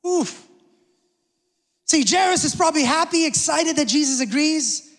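Pastor guy preaching, really high voice, big echoey church hall, shouts to the crowd then drops real quiet. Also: lively intonation, measured pace. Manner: preaching with call-outs to the congregation; acts out the people in the story in hushed asides. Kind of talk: sermon. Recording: long hall reverb.

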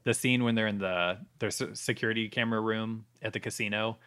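Low-voiced fast-talking male podcast host. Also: steady tone, pushed and bright, clean tone. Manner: enthusiastic, rambling with fillers. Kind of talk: casual chat.

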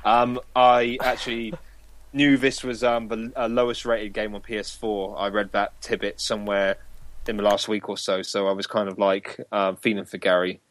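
A man hosting a casual gaming podcast, rambling with many ums and quick to laugh. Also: on the low side, flat delivery, fairly bright tone. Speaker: podcast host.

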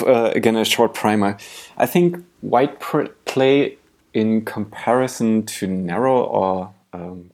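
A man on a podcast explaining a subject step by step, with halting restarts. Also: fairly low pitch, darkish tone. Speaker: podcast co-host. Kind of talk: casual podcast discussion.

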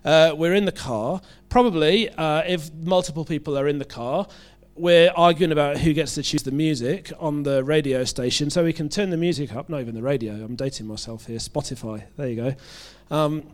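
A man from the UK with a British accent, preaching a sermon in a relaxed, conversational way, joking at his own expense and often restarting his phrases. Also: fairly high pitch, fairly quick, few pauses. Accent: British English. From United Kingdom. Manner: conversational, self-deprecating, with frequent restarts.

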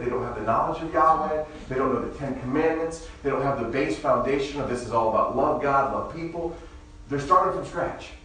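A male pastor delivers a sermon in an easygoing, storytelling manner and slips jokes into his teaching. His voice rings through a very reverberant hall, heard from some distance off the mic with faint background ambience. His pitch sits in an ordinary middle range for a man. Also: a bit bright, slight background noise. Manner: conversational, storytelling with humor. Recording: very echoey room, mic far off, faint ambience.

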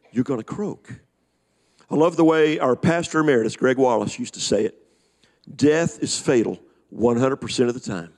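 A man preaching a sermon, reading scripture and slowing down on key phrases for emphasis. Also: on the high side. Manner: animated preaching, slows for emphasis. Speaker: pastor.

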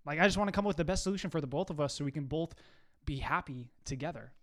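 A man's voice: on the high side, lively intonation, racing. Earnest young man, rambling with "like". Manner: earnest, filler-heavy, lots of "like". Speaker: podcast co-host. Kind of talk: casual chat.

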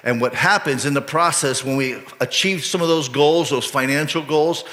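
A man's voice: fairly high pitch, moderate pace, few pauses, a bit bright. A male pastor preaching a casual, conversational sermon full of rhetorical questions. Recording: long hall reverb.

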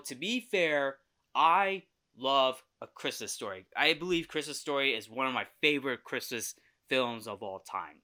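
A man's voice: mid-range voice, bright, forceful tone. A young man hosting a podcast, chatting casually through a movie trailer review, often correcting himself and laughing easily.

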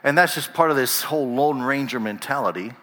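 A man's voice: mid-range voice, brisk, a bit bright. A middle-aged man from Panama, a native Spanish speaker, preaching a sermon as a pastor in a conversational, storytelling way, often repeating and restarting phrases. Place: church. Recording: reverberant church sanctuary.

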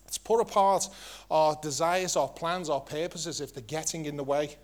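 A middle-aged man with an English accent preaching a sermon to his church in a lively, joking, conversational way. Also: fairly high pitch, normal speed.

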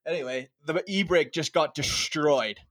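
A young man tells a story among friends in a loose, casual way with plenty of swearing. His voice sits a bit higher than most men's. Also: a little slow, a bit bright. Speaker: friend in group chat. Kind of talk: casual chat.

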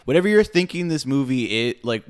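A man co-hosting a podcast, recapping a movie plot in a relaxed, wry way. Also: medium pitch, fairly quick, smooth. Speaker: podcast co-host. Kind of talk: casual movie review chat.

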